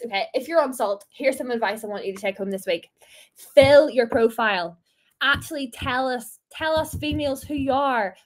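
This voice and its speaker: A woman in her twenties leading a casual faith talk for a group, playful and encouraging, laughing often. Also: sits high. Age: 20s. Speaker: small group leader.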